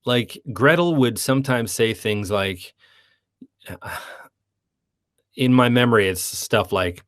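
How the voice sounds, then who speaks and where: A man's voice: medium pitch, slow pace. A man co-hosting a film review podcast, talking casually and acting out quoted lines in playful voices. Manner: animated, acts out quoted dialogue in playful voices. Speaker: podcast co-host.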